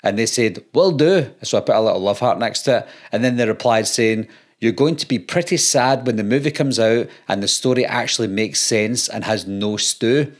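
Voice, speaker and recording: A man's voice: on the low side, moderate pace. A Scottish man and YouTuber, reading out comments in casual talk with dry, sarcastic comebacks. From Scotland.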